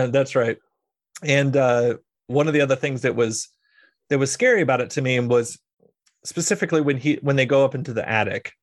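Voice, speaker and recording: A man's voice: medium pitch, normal speed, dry recording. A man hosting a podcast, talking casually about films and telling rambling stories with lots of fillers. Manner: rambling storyteller, many fillers and restarts. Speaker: podcast host. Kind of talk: casual film discussion.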